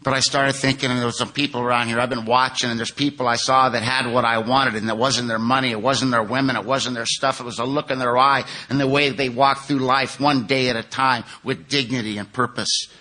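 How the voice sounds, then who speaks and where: A man's voice: medium pitch, fairly even intonation, a little fast, hardly any pauses, bright, forceful tone. A man from California giving an earnest, plain-spoken personal recovery testimony at a 12-step conference.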